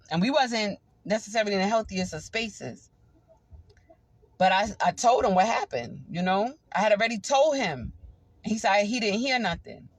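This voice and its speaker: Woman, high-ish voice, fervent testimony preacher, dry close sound. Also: dry recording. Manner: fervent, calls out "come on here" often. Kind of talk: testimony sermon.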